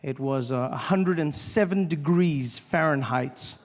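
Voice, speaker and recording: A man with a South African accent doing stand-up comedy on stage before a live audience, telling stories in an animated, playful way. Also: on the high side, unhurried.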